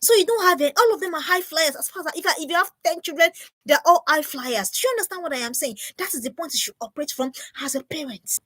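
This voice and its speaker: A woman's voice: sits high, lively intonation, quick pace, a bit bright, no echo. A woman giving an earnest, preachy live talk to parents, often repeating herself. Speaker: parenting speaker.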